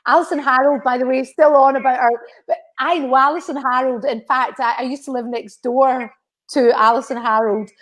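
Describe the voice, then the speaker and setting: A woman's voice: high-pitched, steady tone, brisk, fairly bright tone. A woman hosting a casual showbiz interview, friendly and giggly, reading out viewer comments.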